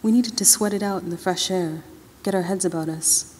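A woman's voice: fairly low pitch, a little fast, darkish tone, a little hiss or hum. A woman author reading her novel aloud at an awards ceremony, narrating in the first person in a loose, drawling colloquial voice into a podium microphone in a large hall. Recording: long-reverb hall.

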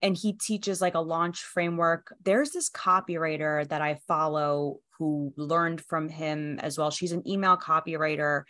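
A woman's voice: deep voice, steady tone, a little slow, few pauses, fairly bright tone, no echo, clean studio sound. A woman hosting a podcast in casual interview chat, candid and emphatic, with many "like" fillers. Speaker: podcast host.

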